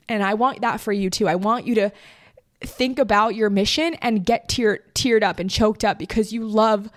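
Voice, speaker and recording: A woman podcast host speaks in a casual, heartfelt monologue, candid and emotional, with the odd swear. Her voice sits at an ordinary middle pitch and sounds close and dry, with almost no room around it. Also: steady tone, normal speed, no echo.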